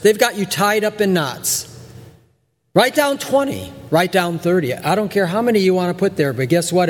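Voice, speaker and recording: Male pastor, high voice, lively sermon delivery in a reverberant hall, playful asides. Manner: animated preacher, acts out voices, repeats words for emphasis.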